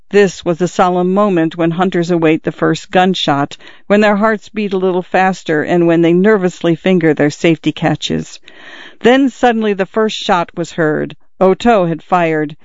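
A man narrating a classic short story in a measured, even storytelling manner. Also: high voice, smooth, no echo, lo-fi sound.

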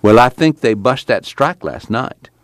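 A man voicing a gruff, flustered older farmer father with a drawl, blustering and demanding. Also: medium pitch, measured pace, dry recording, clean studio sound, voice pushed up, lightly acted. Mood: indignant.

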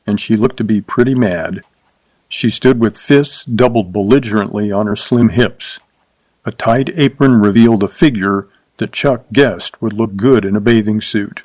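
A man narrating a short story aloud in a steady, measured reading. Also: on the low side, no echo, low-quality recording.

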